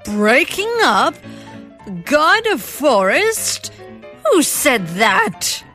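A woman's voice: sits high, very animated, extremely slow, sharp tone, soft background music, exaggerated voice. A woman voicing a wise, commanding forest lion in a children's story, stern and scolding. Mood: puzzled.

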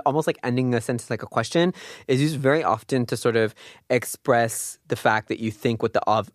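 A man's voice: mid-range voice, no room sound, clean studio sound. A man teaching a language lesson in a casual, chatty way, full of fillers and asides.

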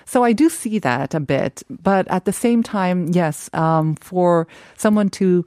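Woman, casual discussion, thoughtful, measured, lowish voice, dry close sound. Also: darkish tone, no echo. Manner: thoughtful, measured, frequent fillers.

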